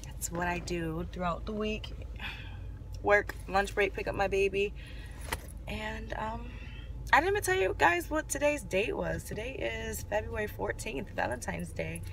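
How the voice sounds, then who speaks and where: A woman's voice: medium pitch, a little slow, vocal fry, a bit bright, a little hiss or hum. A young woman, telling a story in a casual, emphatic vlog while walking outdoors on a city street with a handheld phone camera. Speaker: vlogger.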